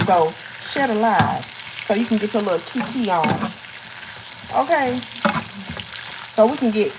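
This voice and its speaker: A woman's voice: mid-range voice, background noise. A woman hosting a casual cooking live stream, joking and chatting playfully with her viewers as she cooks. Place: home kitchen. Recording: frying sizzle in kitchen.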